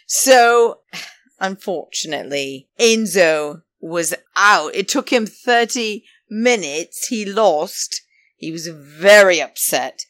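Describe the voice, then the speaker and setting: A woman's voice: medium pitch, a bit bright, dry recording. A woman giving chatty, gossipy commentary on a reality show, laughing often and calling her viewers darlings. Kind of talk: casual commentary vlog.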